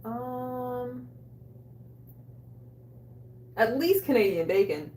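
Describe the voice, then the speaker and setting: A woman hosting a cooking livestream, chatting casually, loud, joking and swearing with her chat. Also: a little high, animated, very slow, a little hiss or hum. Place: small bathroom. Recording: echoey room, a bit distant.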